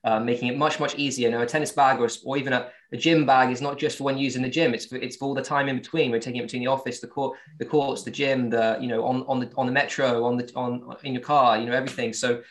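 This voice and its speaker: A man's voice: mid-range voice, steady tone, quick pace, hardly any pauses. Hesitant man with a Southern English accent. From born in Virginia, raised with English accent. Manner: hesitant, many fillers and restarts. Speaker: company founder, guest. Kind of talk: casual interview answers.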